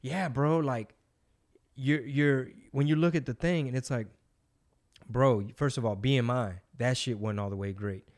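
Forties male podcast host, casual storyteller, mid-pitched. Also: measured pace, darkish tone. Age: 40s. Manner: loose storytelling, slangy, swears freely.

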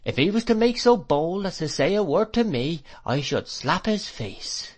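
Man voicing a brash, loud old-fashioned servant woman. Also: medium pitch, animated, normal speed. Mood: indignant. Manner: brash, scolding, emphatic. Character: loud blunt middle-aged woman servant. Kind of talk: audiobook character reading.

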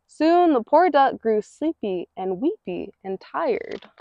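Woman, picture book read-aloud, expressive and rhythmic, high voice, muffled lo-fi sound. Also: takes it slowly, no room sound. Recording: dull lo-fi recording.

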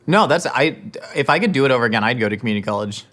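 A man's voice: medium pitch, lively intonation, very fast, fairly bright tone. A man hosting, making rambling awkward small talk at a dinner table, full of fillers and restarts. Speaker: host. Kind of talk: scripted comedy monologue to camera.

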